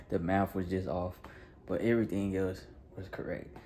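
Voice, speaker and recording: A man in his thirties preaching a casual, animated storytelling sermon that is full of laughs, with a nervous edge. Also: deep voice, normal speed, slight background noise. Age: 30s. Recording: echoey room from a distance.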